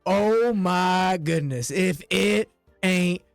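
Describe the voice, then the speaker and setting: A man doing a big, brash woman of the tavern, folksy and booming with familiarity in a tabletop game. The voice sits high and drawls its words out slowly. It sounds close and dry. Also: vocal fry, no room sound, faint music behind, exaggerated voice. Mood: hearty.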